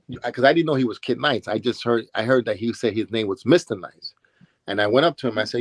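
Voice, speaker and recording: A man with a New York accent spins loose, rambling stories from the old days, starting over mid-sentence and quoting people as he goes. His voice sits at an ordinary middle pitch. The recording is close and dry, with almost no room sound. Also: lively intonation, quick pace, dry recording. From Brooklyn, New York. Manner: rambling, with restarts and acted-out quotes. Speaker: interviewee, former b-boy. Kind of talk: casual storytelling interview.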